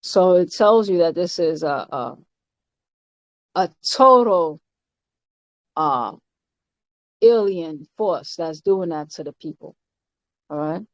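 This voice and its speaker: A woman giving an informal doctrinal teaching. She is emphatic and halting, with many fillers and repeated words, and often ends her points with "all right?". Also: fairly low pitch, lively intonation, no echo. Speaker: spiritual teacher. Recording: dull, lo-fi, dry recording.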